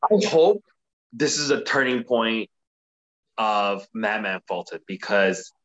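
A man co-hosting a casual podcast, recapping a show with animated, profane commentary. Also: fairly low pitch, slow pace, low-quality recording. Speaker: podcast co-host. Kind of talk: casual wrestling recap chat.

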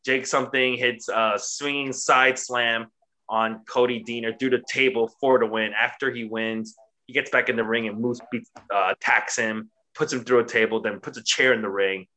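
A man co-hosting a casual wrestling chat, profane and mocking, recapping a show and doing quick impressions. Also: medium pitch, steady tone, bright, forceful tone. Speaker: wrestling podcast co-host.

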